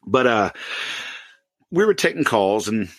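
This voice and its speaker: A man co-hosting a podcast, chatting casually, laughing often and throwing in quick joking asides. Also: lowish voice, very animated, dry recording. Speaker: podcast co-host.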